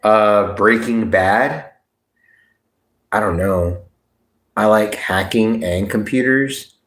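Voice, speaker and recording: A man hosting a casual livestream, rambling and excitable, swearing freely. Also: fairly low pitch, takes it slowly, reverberant. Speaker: livestream host.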